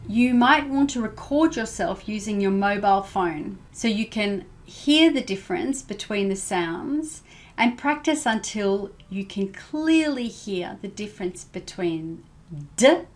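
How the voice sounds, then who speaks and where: A woman teaching English pronunciation, speaking clearly and carefully and modelling words for learners to repeat. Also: mid-range voice, animated, slow pace. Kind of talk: pronunciation lesson.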